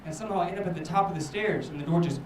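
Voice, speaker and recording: A man's voice: sits high, racing, roomy sound, recorded from a distance, background noise. A man doing a rambling, self-mocking stand-up set, swearing a lot. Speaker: stand-up comedian. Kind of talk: stand-up set at a live show.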